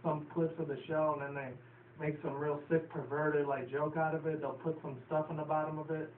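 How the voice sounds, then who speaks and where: A man's voice: a little high, little pitch movement, fairly quick. A man from New York City casually recapping a cartoon episode, rambling with lots of fillers and swearing. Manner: profane, filler-heavy, chatty. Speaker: show reviewer. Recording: tinny, roomy, distant, faint hiss.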